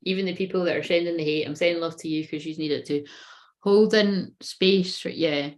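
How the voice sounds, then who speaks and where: A woman's voice: on the low side, brisk. A woman running a casual live tarot reading. She talks in a rambling, sweary way and often breaks into giggles. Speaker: tarot reader.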